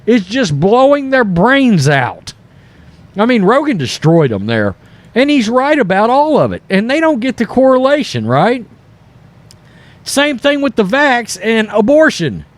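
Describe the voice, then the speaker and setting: Animated high-voiced man commenting. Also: measured pace, no room sound. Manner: animated, mocking, mimics voices in quotes. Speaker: commentary host. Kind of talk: political commentary over clips.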